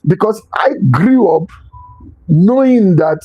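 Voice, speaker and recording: A man's voice: high-pitched, lively intonation, slow, husky, dull audio. A man giving a motivational talk as host, stressing points by repeating them. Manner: emphatic, repeats key phrases.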